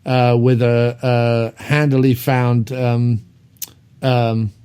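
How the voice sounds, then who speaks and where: A man hosting a podcast, reviewing an old movie in casual chat, rambling with lots of ums and quick laughs. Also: mid-range voice, flat delivery, dark tone, clear, resonant tone. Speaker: podcast host.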